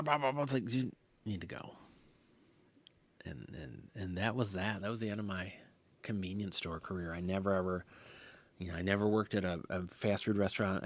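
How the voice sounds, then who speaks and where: A man hosting his own podcast, telling a rambling story casually and often dropping to a hushed near-whisper. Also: low voice. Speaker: podcast host.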